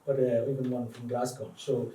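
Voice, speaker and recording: A man's voice: medium pitch, moderate pace. An Italian-accented man speaks as a guest at a live public event, thinking aloud and often restarting his sentences. He is picked up from well off the mic in a reverberant room. A faint hiss sits under his voice. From Italy. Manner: thoughtful, animated, many restarts. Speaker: guest translator. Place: event room before an audience. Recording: echoey room, distant mic, faint noise.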